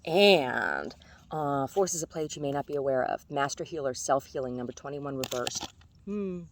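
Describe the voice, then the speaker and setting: A woman's voice: rumbling low, expressive, moderate pace, noisy background. A woman vlogger chatting casually outdoors among the trees, rambling and self-deprecating, laughing at her own jokes. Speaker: vlogger doing tarot card readings.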